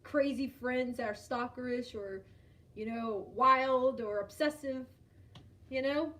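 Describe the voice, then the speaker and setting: A woman's voice: high-pitched, slow pace. A woman hosting a casual live stream chat, telling a story with frequent laughter and greeting viewers by name. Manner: animated, laughs often, greets chatters by name.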